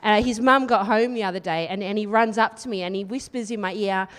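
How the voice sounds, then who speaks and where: An Australian woman doing a live stand-up set, chatty and teasing the crowd, with deadpan asides. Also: mid-range voice, a little fast. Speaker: stand-up comedian. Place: live comedy venue. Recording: live room with long reverb.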